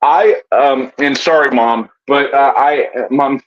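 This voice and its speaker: A man from West Virginia chatting casually on a podcast, stumbling and restarting as he rambles through stories. His voice sits in an ordinary middle pitch. The audio sounds a little dull and lo-fi. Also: slow. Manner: rambling, stammering storyteller. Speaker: guest comedian and wrestler.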